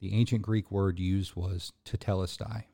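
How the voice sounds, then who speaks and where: A man's voice: low-pitched, flat delivery, moderate pace, dark tone. A man hosting a sermon-style podcast, talking earnestly in a casual way with fillers, then building to emphatic, preacherly bursts. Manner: casual fillers and restarts between points. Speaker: podcast host.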